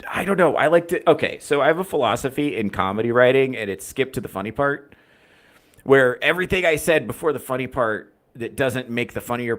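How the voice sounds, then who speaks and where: A man hosting a casual livestream podcast, rambling through viewer chat in a wry, profane way. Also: mid-range voice. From United States. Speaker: podcast host reading chat.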